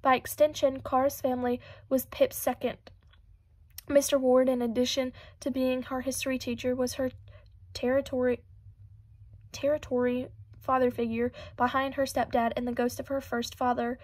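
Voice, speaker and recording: A woman reading an audiobook in a steady, even narrating manner. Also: high voice, normal speed, no echo. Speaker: audiobook reader.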